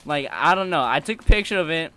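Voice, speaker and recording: A man's voice: a little high, animated, fast talker, sharp tone. A teenage boy telling a story casually, swearing and laughing as he goes.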